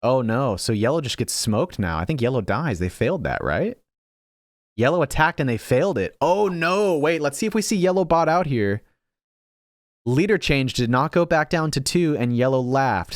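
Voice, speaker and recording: A man's voice: mid-range voice, lively intonation, moderate pace, no room sound, studio quality. A young man commentating his own strategy game casually, thinking aloud and teasing himself about his misplays. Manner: thinks aloud, self-mocking, frequent restarts. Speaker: gaming channel host.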